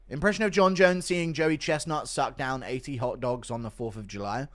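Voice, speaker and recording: A man livestreaming and reading viewer donations in a casual chat, mumbling in a downbeat way, breaking into loud ranting bursts, and swearing freely. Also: mid-range voice, moderate pace, hardly any pauses. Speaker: streamer.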